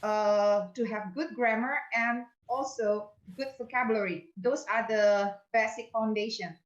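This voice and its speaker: Woman student explaining with lots of uh's, kinda high, echoey room. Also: unhurried, lo-fi sound. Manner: hesitant, many fillers, careful explaining. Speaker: student in an online speaking class. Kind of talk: answering a teacher's question.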